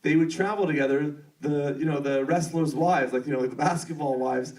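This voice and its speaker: A man on a premiere Q&A panel, telling a story in a rambling, excited way full of fillers. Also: a little high, fairly quick. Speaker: filmmaker on a Q&A panel. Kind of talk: casual storytelling answer. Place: theater at a film premiere. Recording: distant mic in a venue.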